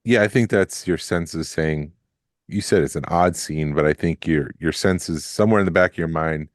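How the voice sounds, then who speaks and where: A man's voice: low voice, moderate pace, no room sound, clean studio sound. A man co-hosting a podcast, giving blunt, critical opinions in a casual chat. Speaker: podcast co-host.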